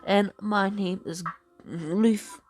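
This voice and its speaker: A woman voicing a cocky young boy pirate, boastful and loud, in a retold fan story. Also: mid-range voice, fairly even intonation, slow, over music, pitched above the performer's own voice, lightly acted.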